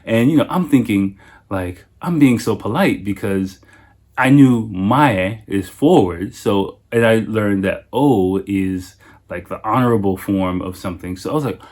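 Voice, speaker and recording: A man's voice: fairly low pitch, unhurried, darkish tone. A man in his thirties, a native English speaker hosting a casual solo podcast, telling stories animatedly, swearing freely and laughing often. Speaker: podcast host.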